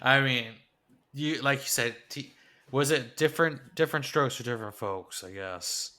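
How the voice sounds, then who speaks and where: A man co-hosting a podcast who chats casually and muses about favorite scenes, trailing off into quiet asides. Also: medium pitch, moderate pace. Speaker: podcast co-host. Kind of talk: casual chat.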